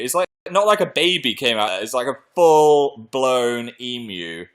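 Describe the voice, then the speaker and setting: A young British man chatting excitedly on a live stream and reading viewer messages aloud. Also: medium pitch, a little slow, few pauses. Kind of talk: casual live stream chat.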